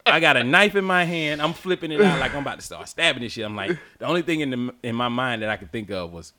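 A man's voice: medium pitch, expressive, quick pace, sharp tone. A man hosting a casual podcast chat, telling stories in profane slang and laughing often. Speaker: podcast host.

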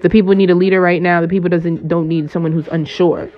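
A woman's voice: lowish voice, level tone, quick pace, muffled recording. A woman astrologer talking casually and at length, full of slang and swearing, with frequent laughs. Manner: rambling, slangy and profane, laughs often.

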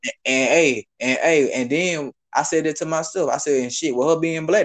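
A man's voice: fairly high pitch, normal speed. A young man hosting a podcast, telling stories in a loose, profane, casual chat. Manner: loose, profane storytelling with animated swings. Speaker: podcast host.

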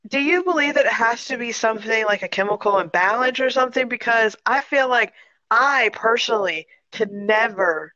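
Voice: medium pitch, normal speed, pushed and bright. A co-host on a casual true-crime podcast, musing aloud and asking questions, with restarts. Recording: dull, dry lo-fi recording.

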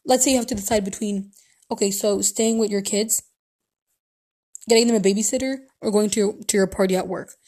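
A woman's voice: mid-range voice, fairly even intonation, brisk, dark tone. A woman giving casual advice in a rambling way, full of restarts and fillers. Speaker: podcast host.

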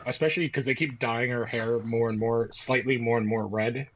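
A man's voice: mid-range voice, fairly even intonation, normal speed, slight background noise. Male co-host, wry quips, dull lo-fi recording. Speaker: podcast co-host. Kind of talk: casual chat. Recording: dull lo-fi mic.

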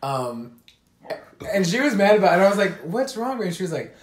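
A man's voice: high-pitched, quick pace. A young man co-hosting a casual podcast, telling stories with lots of laughter and acted-out quotes. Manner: animated storytelling, laughs often, acts out quotes. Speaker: podcast co-host. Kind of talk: casual chat. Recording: echoey room.

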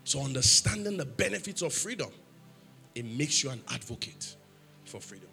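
A man's voice: medium pitch, big pitch swings, moderate pace, vocal fry, bright, forceful tone, faint music behind. A man preaching a sermon in church, emphatic, asking the congregation questions for them to answer. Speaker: pastor.

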